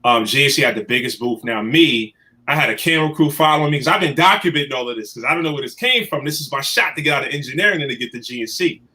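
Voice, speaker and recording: Bright-voiced man telling a story. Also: mid-range voice, fast. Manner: animated, emotional storyteller. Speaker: guest. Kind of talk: storytelling in casual chat.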